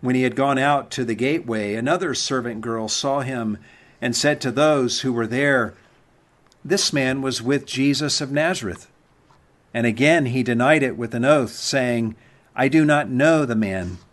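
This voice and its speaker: A man reading the Passion account aloud at a Good Friday service, in a measured, deliberate manner. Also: mid-range voice, fairly bright tone. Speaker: scripture reader.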